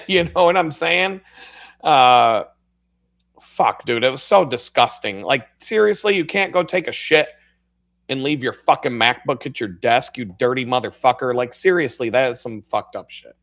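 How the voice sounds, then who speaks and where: A man hosting a live stream tells crude workplace stories in casual, profanity-filled speech, animated and laughing as he goes. His voice is medium in pitch and his pace is measured.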